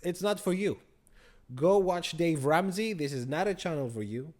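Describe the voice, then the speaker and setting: A man's voice: on the high side, moderate pace. Exasperated man telling a friend's money story. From abroad. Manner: animated, exasperated retelling. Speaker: credit card channel host. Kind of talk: casual storytelling to camera.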